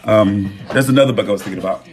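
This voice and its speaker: A man hosting a live stream from his phone, talking in a relaxed, reflective way with loose slang and pausing to read viewer comments. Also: fairly low pitch. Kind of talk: casual live-stream talk. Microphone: phone mic.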